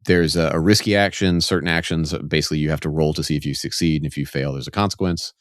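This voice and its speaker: A man's voice: extremely low pitch, fairly even intonation, fast, dry recording, studio quality. A man co-hosting a casual podcast, explaining game rules step by step with enthusiasm. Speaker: podcast co-host.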